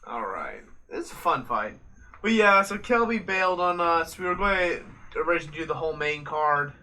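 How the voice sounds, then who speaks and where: This podcast co-host, a young man from the United States, has a slightly high, bright, forceful voice with lively intonation and a moderate pace. He watches a fight late at night, joking, rambling, and cursing casually.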